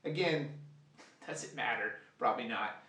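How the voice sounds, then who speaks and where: A man's voice: medium pitch, moderate pace, bright, forceful tone. A man giving a casual, profane live fly-tying demo, rambling and joking as he works. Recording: roomy sound, mic at a distance.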